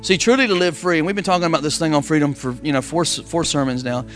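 A man's voice: fairly high pitch, quick pace, soft background music. A man preaching a sermon, calling on the congregation to answer back. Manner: preaching with call-and-response. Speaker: pastor.

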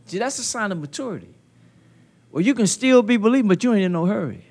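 Folksy man preaching at a conference, high voice, swings from quiet teaching to loud exhortation. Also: animated, fast. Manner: call-and-response preaching, rising to loud emphatic peaks; folksy, with colloquial phrasing. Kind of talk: sermon. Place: conference hall. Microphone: handheld mic.

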